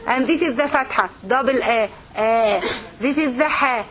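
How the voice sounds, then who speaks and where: High-voiced teacher. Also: female voice, normal speed, fairly bright tone, slight background noise. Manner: repetitive, checks understanding with frequent "okay?". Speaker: Arabic and Quran teacher. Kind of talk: classroom lesson.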